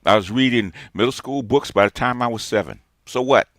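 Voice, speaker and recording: A man's voice: medium pitch, brisk, a bit bright, no room sound, studio quality. Lecturing man in his sixties. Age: 60s. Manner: emphatic, lecturing, repeats himself. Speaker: streamer. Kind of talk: ranting response monologue.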